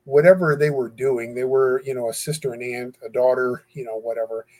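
A man's voice: mid-range voice, steady tone, a little fast, a little mellow. A man speaking as an interview guest, talking earnestly and hesitantly with many fillers and restarts. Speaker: guest who corresponds with death row inmates. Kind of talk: casual interview talk.

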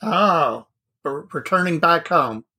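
A man's voice: on the high side, animated, slow pace, sharp tone, breathy edge. A man co-hosting a hobby podcast, chatting in an easygoing, self-deprecating way. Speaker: podcast co-host. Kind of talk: casual podcast chat.

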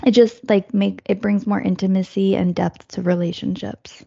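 A woman in a reflective casual conversation, thoughtful and fairly monotone. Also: mid-range voice, normal speed, creaky, slightly rough, lo-fi sound. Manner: thoughtful, says she speaks in a monotone.

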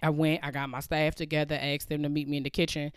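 A woman's voice: deep voice, flat delivery, fast talker, clean tone, no room sound. A woman hosting a podcast, telling a personal story in an earnest, heartfelt, conversational way into a close mic. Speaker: podcast host.

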